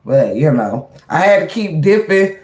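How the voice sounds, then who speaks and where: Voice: medium pitch, sing-song, a little slow, a little mellow, echoey room. A livestream host chatting casually with viewers, laughing often, turning preachy and motivational, and greeting chat members by name. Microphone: webcam or phone mic.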